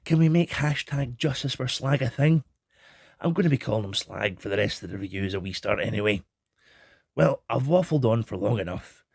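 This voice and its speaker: A man's voice: medium pitch, expressive, brisk, creaky, slightly rough, no room sound, clean studio sound. A Scottish man giving a cheeky, irreverent toy review in a scripted comic style.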